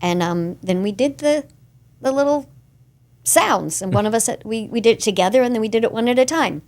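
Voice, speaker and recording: A woman voice actress being interviewed, telling animated stories from her career in a casual chat. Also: a little high, a little fast. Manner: animated storyteller, slips into character voices. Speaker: voice actress guest.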